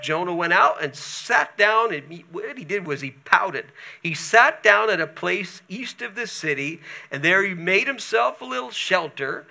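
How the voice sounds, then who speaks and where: Bright, gravelly-voiced male preacher. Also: sits high. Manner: animated storytelling with chatty asides. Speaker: pastor. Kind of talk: sermon.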